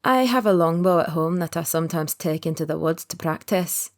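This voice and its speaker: A woman reading a guarded thirty-something man, soft-spoken. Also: on the low side, lightly acted. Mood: quiet, earnest. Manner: quiet, guarded, opens up slowly. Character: reserved thirty-one-year-old man, secret agent. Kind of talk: audiobook character voice.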